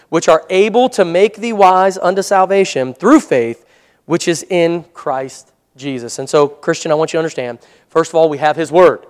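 A man preaching a sermon in a conversational way, often asking the congregation for an amen and reading scripture slowly. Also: high voice. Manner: reads scripture slowly and deliberately. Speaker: pastor.

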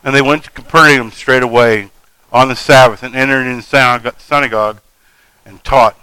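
A man's voice: medium pitch, fairly even intonation, brisk, bright, forceful tone, clean tone, no echo, rough recording. A man preaching a sermon, reading scripture and breaking off into folksy, joking asides.

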